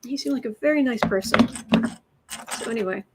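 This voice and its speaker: A chatty woman hosts a tarot livestream with a slightly high voice. She rambles casually, reads out viewer names and thanks them between stories. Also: brisk, background noise. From United States.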